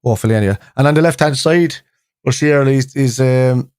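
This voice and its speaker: A man's voice: mid-range voice, fairly quick, a little mellow, clear, resonant tone, dry recording. Rambling Scouse man, dry close mic. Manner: rambling, restarts, reads viewer comments aloud. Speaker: fan show host. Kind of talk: casual live-stream football chat.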